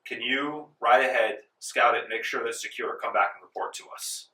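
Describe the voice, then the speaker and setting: A brisk army lieutenant gives plain, matter-of-fact orders, as a man plays him. His voice is bright and sharp. It sits at a middling pitch and sounds far from the mic in an echoey room. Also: fairly even intonation, natural voice. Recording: roomy, distant mic.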